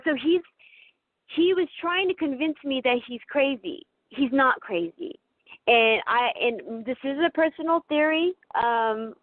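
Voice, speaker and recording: A woman's voice: on the high side, dry recording. A woman calling in to a podcast, speaking hesitantly with stammers and restarts. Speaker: guest caller. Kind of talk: phone-in podcast conversation. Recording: dry tinny phone line.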